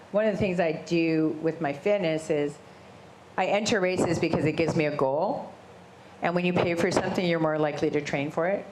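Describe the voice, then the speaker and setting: Low-voiced woman telling her story. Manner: animated storyteller, acts out quoted dialogue. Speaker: interview guest. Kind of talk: casual storytelling interview. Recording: roomy echo with faint ambient noise.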